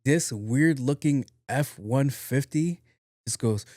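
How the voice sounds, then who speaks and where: A young man hosts a podcast and tells a rambling story, lively, swearing freely and joking at his own expense. His voice sits in a middle register and comes through close and dry, with almost no room sound. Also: mid-range voice, takes it slowly, no echo. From New York. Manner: animated, profane, self-mocking storyteller. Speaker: podcast host. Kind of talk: casual storytelling monologue.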